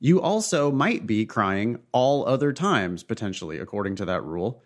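A man's voice: on the low side, very animated, moderate pace. A man co-hosting a casual tutoring chat, explaining logic terms emphatically and bluntly, checking in with his listener. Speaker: co-host tutor.

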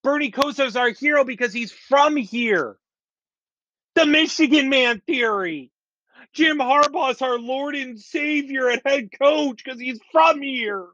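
A man's voice: extremely high pitch, unhurried, pushed and bright, no room sound, dull audio. A man ranting bluntly about football fans in a sports commentary, exasperated and repeating his points over and over. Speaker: sports podcaster.

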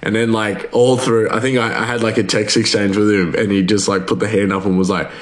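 Man in his thirties, lower pitch, loose rambling podcast host who laughs through his stories. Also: level tone, fairly quick. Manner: rambling, laughs often, many fillers and restarts. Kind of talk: casual rambling chat.

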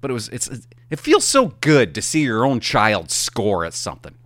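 Animated, rambling middle-aged man storyteller. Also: medium pitch, moderate pace, no echo. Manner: rambling, animated, swears for emphasis. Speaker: hockey parent. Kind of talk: casual storytelling monologue.

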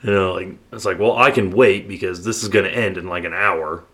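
A man's voice: low-pitched, fairly even intonation, fairly quick, fairly bright tone, husky. A man chatting casually with friends, laid-back and swearing freely. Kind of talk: casual profane chat among friends.

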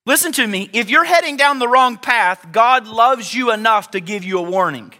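A man's voice: extremely high pitch, animated, moderate pace, bright, forceful tone. A man preaching a sermon as pastor, emphatic, repeating key phrases and speaking straight to the congregation.

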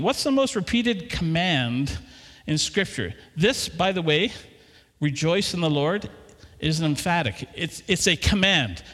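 A middle-aged man preaching a sermon in church, animated and asking the congregation questions. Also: high-pitched. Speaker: pastor. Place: church hall. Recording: long hall reverb.

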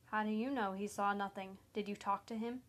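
A woman's voice: mid-range voice, fairly even intonation, brisk, natural voice. Raptor, a smug hitman, read by a woman. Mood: menacing. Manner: smug, taunting. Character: cold cruel male hitman, mocking.

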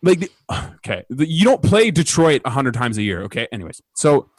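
A man's voice: medium pitch, big pitch swings, brisk, dry recording. A young man co-hosting a casual chat, ranting in an exasperated way and swearing freely.

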